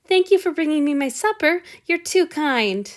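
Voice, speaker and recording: A woman voicing an eager, sweet young male attendant who gushes in an excited, breathless way. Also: high voice, normal speed, voice pushed up.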